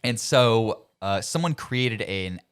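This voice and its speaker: A man's voice: fairly low pitch, expressive, slow pace, a bit bright, clear, resonant tone. Rambling, laughing male podcast co-host. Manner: rambling, laughs while retelling scenes. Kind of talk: casual chat.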